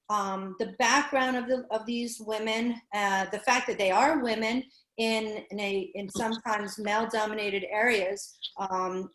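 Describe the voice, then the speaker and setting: A woman with a New York accent, moderating a panel and introducing speakers, talking quickly with many fillers and restarts. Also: mid-range voice, fairly bright tone, reverberant, a little hiss or hum, poor audio. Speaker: panel moderator, university program director. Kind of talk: panel introduction on a video call.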